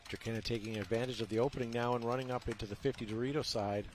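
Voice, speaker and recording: A man doing live play-by-play sports commentary, quick and excitable as the action happens. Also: medium pitch, slight background noise.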